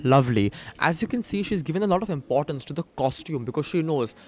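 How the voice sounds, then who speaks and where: A man's voice: a little high, animated, fast talker, darkish tone, a little hiss or hum. A young man, hosting interviews in a theatrical showman style and turning to the audience often. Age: young adult. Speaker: host interviewing contestants.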